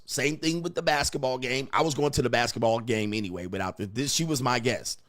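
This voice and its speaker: A man's voice: mid-range voice, a little fast, few pauses, fairly bright tone. A man lecturing on dating in a blunt, emphatic way, swearing and acting out quoted exchanges. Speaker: dating advice host. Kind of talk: lecturing monologue.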